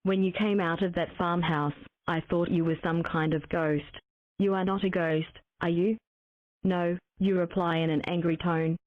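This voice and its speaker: A synthetic woman's voice reads game text in an even, mechanical way, pitched a little low. The sound is tinny and phone-like, with a dry, close feel and no room around it. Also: moderate pace, no echo. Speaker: text-to-speech game narrator.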